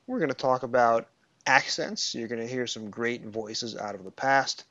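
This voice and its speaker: A man's voice: medium pitch, no echo, dull audio. A man with a New York accent hosting a podcast in an enthusiastic, self-deprecating way. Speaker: podcast host. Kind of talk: podcast chat.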